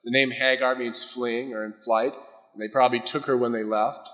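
A man's voice: medium pitch, steady tone, moderate pace, fairly bright tone. A man preaching a sermon, sometimes acting out the voices of biblical figures. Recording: hall reverb.

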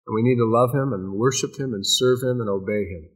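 There's a breathy edge to this male pastor's mid-pitched voice as he preaches. He's emphatic, building through repetition and pausing for dramatic effect.

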